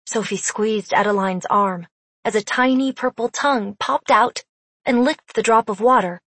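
A woman reading fantasy narration in an even, steady storytelling manner. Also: a little high, moderate pace, breathy edge, dry recording. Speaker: audiobook narrator.

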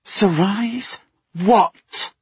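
Fierce young girl voiced by a male narrator, snarling, breathy, slow and deliberate. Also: sits high, no room sound, pitched above the performer's own voice, heavily acted. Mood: seething. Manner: snarling through clenched teeth. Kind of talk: audiobook character voice.

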